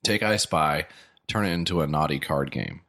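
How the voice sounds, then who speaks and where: This man has a very low, deep voice. He riffs crude, joking bits in a loose podcast chat with a friend. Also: normal speed, sharp tone. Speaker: podcast co-host. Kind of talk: casual comedic chat.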